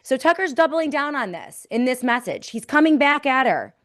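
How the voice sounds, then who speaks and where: A woman's voice: high-pitched, big pitch swings, moderate pace, fairly bright tone. A woman hosting a political commentary podcast, talking emphatically and reading quotes aloud with indignation. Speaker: podcast host.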